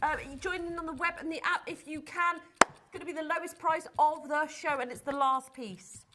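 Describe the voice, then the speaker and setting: A woman's voice: high voice, steady tone, moderate pace, very noisy. A woman presenting live on a shopping channel in a studio, gushing and enthusiastic as she greets viewers by name.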